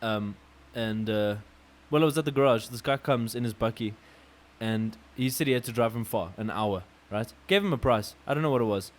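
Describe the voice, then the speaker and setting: A young man tells a story in casual podcast chat. He swears freely and gets loud when acting out what people said. His voice sits in a middle pitch. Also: a little fast. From South Africa. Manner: animated, swears, acts out quotes loudly. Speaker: podcast co-host.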